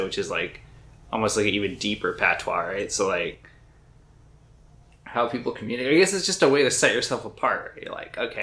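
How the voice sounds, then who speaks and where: A man co-hosting a podcast, chatting casually and rambling with lots of "like" and animated asides. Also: fairly low pitch. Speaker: podcast co-host. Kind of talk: casual chat.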